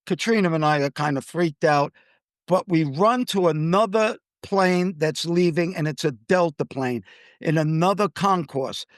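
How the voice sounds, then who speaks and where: An older man with a high voice tells a travel story, lively and animated, jumping up in pitch to act out the people he quotes. The sound is dry and close. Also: a little slow, dry recording. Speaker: co-host telling a travel story. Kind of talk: casual storytelling chat.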